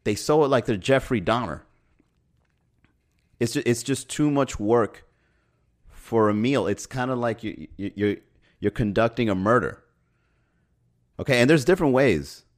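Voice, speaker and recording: This time the podcast host's voice sits in the mid range, and he talks a little slowly, pausing often. It's still a casual, wry, sarcastic comedic monologue, with casual swearing and laughter at his own jokes.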